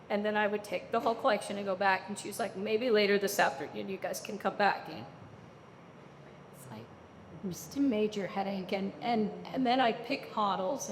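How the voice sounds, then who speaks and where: Speaking at medium pitch, a middle-aged woman shares stories as a guest in a live on-stage interview, animated and performing the voices of those she quotes. Long reverb fills the echoey hall, and there's a little hiss or hum.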